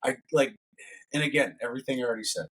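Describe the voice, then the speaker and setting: Man, husky voice, fitness coach, casual podcast chat, animated and jokey. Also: mid-range voice, fast. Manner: animated, swearing, jokey storyteller.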